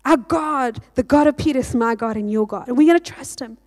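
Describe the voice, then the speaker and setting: A woman pastor preaching a sermon, reading scripture aloud and acting out quotes with lively delivery. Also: high-pitched, fairly quick.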